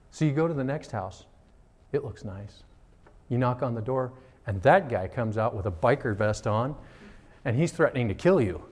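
A man, a pastor preaching a sermon in church, animated and acting out the voices and prayers he quotes. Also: mid-range voice, moderate pace.

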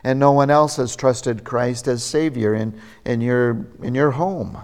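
A man delivering a sermon at an unhurried, measured pace. His voice sits in an ordinary middle pitch, and he leans on pauses to stress key words. It sounds like a pastor preaching to his congregation. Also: darkish tone. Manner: slow, deliberate preaching with emphatic pauses.

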